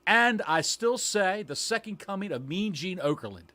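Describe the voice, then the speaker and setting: A man's voice: high-pitched, lively intonation, moderate pace, bright, forceful tone, no room sound. A man co-hosting a wrestling podcast, cracking sarcastic, mocking jokes. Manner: sarcastic, mocking, joking interjections. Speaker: podcast co-host. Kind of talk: casual wrestling talk.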